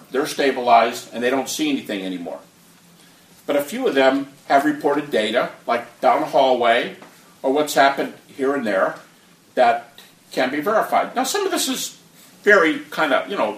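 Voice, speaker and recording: A man giving a conversational, anecdotal talk who acts out the people he quotes. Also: mid-range voice. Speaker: speaker on near-death experiences. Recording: roomy, distant mic, faint noise.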